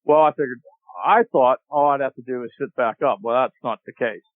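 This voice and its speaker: A man guest on a podcast, telling a long hunting story in a casual, animated way and acting out what people said. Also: medium pitch, a little fast, dry recording. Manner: animated storyteller, acts out shouted quotes. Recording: tinny phone-like line, dry.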